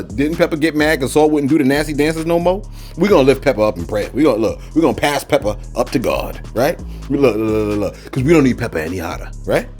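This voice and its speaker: A man hosting a celebrity news channel, joking in casual commentary with lots of fillers. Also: mid-range voice. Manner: animated, joking, many fillers and repeated "man" and "look".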